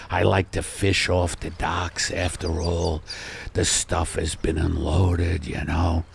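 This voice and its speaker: Male comic, gruff, sardonic, rambling, slow gravelly delivery. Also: sits low, fairly bright tone, slight background noise. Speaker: comedian host. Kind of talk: improvised comic monologue.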